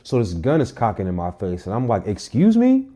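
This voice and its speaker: A young adult man vlogging a casual storytime monologue, animated and emphatic, with frequent profanity. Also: fairly low pitch, quick pace, slightly rough.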